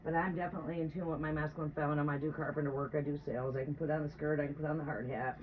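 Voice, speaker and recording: A woman's voice: low voice, fairly even intonation, very fast. A woman giving a casual live tarot stream at home, chatting to viewers as she moves around. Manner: chatty, talks to viewers while moving around. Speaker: tarot reader. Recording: distant, phone-like with faint noise.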